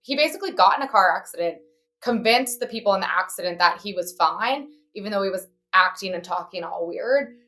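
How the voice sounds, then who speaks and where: A woman's voice: mid-range voice, lively intonation, a little fast, pushed and bright. A young woman co-hosting a podcast, telling a story in a chatty way, saying "like" a lot and swearing bluntly. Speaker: podcast co-host. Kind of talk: casual storytelling chat.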